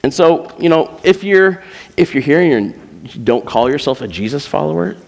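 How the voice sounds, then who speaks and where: A man's voice: fairly high pitch, expressive, moderate pace, creaky, big-room sound. A man preaching a sermon as pastor, conversational and often building to emphatic, pleading passages, in a church auditorium.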